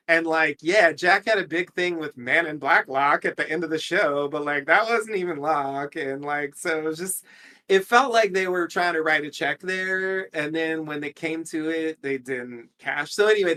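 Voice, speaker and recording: A man's voice: a little high, pushed and bright. A man casually recapping a TV episode on a podcast, chatty and rambling, laughing often.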